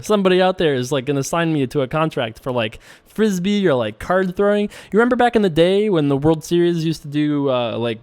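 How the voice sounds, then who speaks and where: A talkative man with a voice slightly higher than usual keeps up easygoing banter while he plays poker online. He jokes at his own expense and laughs often. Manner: chatty, joking, laughs often. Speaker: poker vlogger. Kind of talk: casual commentary while playing online poker.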